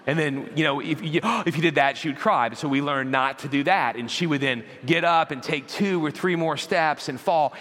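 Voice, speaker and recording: A man preaching a sermon as pastor, telling animated stories and acting out parents and children. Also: on the high side, normal speed, hardly any pauses. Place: large church auditorium. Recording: long church hall reverb.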